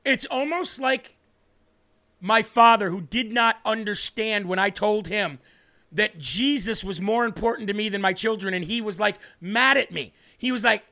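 A man hosting a Christian talk show addresses viewers with emphatic, preachy conviction, delivering impassioned faith talk and responding to their comments. His voice is high and sharp, at a moderate pace.

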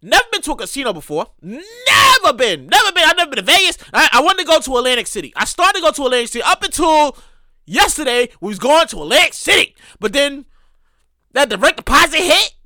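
A person telling a casual story in a monologue, profane and animated, repeating phrases for emphasis. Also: high-pitched, fast talker, dry recording, clean studio sound.

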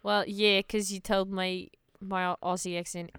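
Bright, insistent woman. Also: mid-range voice, level tone, unhurried, clean tone, no echo, studio quality. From Canada. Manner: insistent, teasing, laughs easily. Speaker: podcast co-host. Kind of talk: casual chat.

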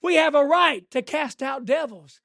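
A man preaching a fervent sermon, swinging from hushed lines to shouting. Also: very high voice, normal speed, vocal fry, dry recording, clean studio sound.

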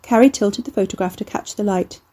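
Mellow-voiced woman narrating horror. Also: medium pitch, a little fast. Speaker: audiobook narrator. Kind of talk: scripted narration of a horror novel.

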